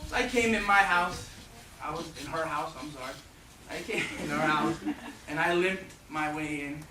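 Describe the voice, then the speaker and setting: An energetic Irish man tells comic stories to an audience in a fairly high voice. He sounds distant, in a roomy lecture hall with noise behind him. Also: normal speed. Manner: energetic, joking, animated. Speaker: guest speaker. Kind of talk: comic storytelling talk. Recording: echoey hall, distant mic, noisy.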